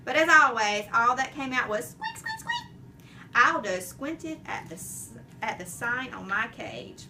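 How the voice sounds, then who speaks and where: A woman narrating a children's chapter book in an expressive, animated storytelling way. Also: on the high side, unhurried, far from the mic, noisy background. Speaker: audiobook reader.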